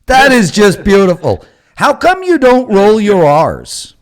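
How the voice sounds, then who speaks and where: Joking Canadian host, slightly high voice. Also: male voice, unhurried. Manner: joking, teasing, animated. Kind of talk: sports betting talk show.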